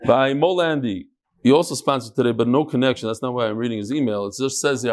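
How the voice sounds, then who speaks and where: A man's voice: medium pitch, fast talker. A man hosting a daily class, reading out sponsor dedications and listener messages with casual asides. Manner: conversational, ad-libbing asides while reading. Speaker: rabbi and class host.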